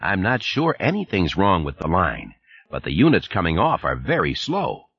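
A man voicing a groggy, gravelly middle-aged male factory manager who keeps coughing, in an audiobook reading. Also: low voice, huge pitch swings, moderate pace, muffled recording, exaggerated voice. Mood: worried.

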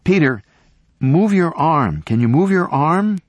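A man voicing a frightened but determined young woman calling down to someone trapped below, with a husky voice. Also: on the high side, very animated, moderate pace, no room sound, pitched above the performer's own voice. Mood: urgent. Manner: urgent, calling out.

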